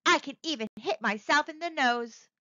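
A woman's voice: sits high, moderate pace, pushed and bright, no echo, muffled recording. A woman voicing a young boy dragon who shows off, then turns glum, in a storybook read-aloud. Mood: boastful. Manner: show-off, then glum and lonely. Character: young boastful male dragon.

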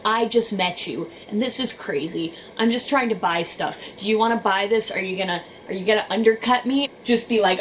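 A woman vlogging, telling a rambling story in a casual, animated way with sarcastic asides. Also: a little high, fairly quick, a little hiss or hum. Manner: animated, sarcastic asides, quotes people in voices.

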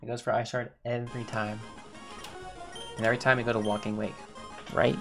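A man's voice: medium pitch, flat delivery, fairly quick, over music. A man giving casual gameplay commentary, thinking aloud, repeating himself and talking to his game characters. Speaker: gaming YouTuber.

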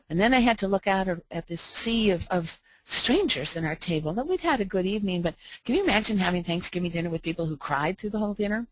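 A middle-aged American woman telling a heartfelt personal story in a gentle, slow, reflective way with soft pauses. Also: mid-range voice, expressive, no echo. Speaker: speaker.

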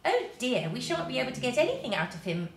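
A woman's voice: high-pitched, huge pitch swings, quick pace, slight background noise, pitched above the performer's own voice, full character voice. A woman playing a sensible young girl. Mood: earnest. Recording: roomy echo.

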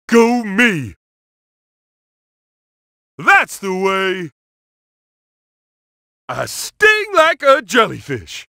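Patrick Star, goofy cartoon starfish. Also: male voice, very high voice, pushed and bright, no echo, studio quality, exaggerated voice. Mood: combative. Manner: goofy, childlike, slow and emphatic. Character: dim cheerful starfish man playing superhero. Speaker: video game character. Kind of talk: cartoon game voice clips.

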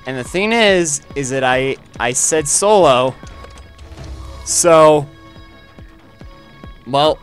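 A man giving casual commentary over his own gameplay, chatty and quick to exclaim when things go wrong. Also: fairly high pitch, animated, soft background music. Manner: chatty, easily frustrated, exclaims at setbacks.

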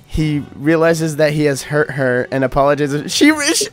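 A man's voice: a little high, fairly even intonation, normal speed, faint music behind. A young man casually reading an AI-written adventure story aloud with a co-host, cracking jokes and giggling. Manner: jokey, giggly, reads story text aloud with asides.

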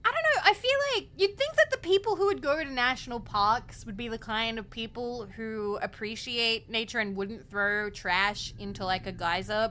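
A woman's voice: mid-range voice, sharp tone. A young Australian woman streaming a game, chatting casually and rambling with lots of giggles. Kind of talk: casual gameplay chat.

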